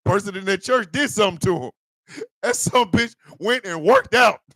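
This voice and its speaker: A male host in a profane, loud comedic live-stream rant who laughs often. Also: sits high, normal speed, no room sound.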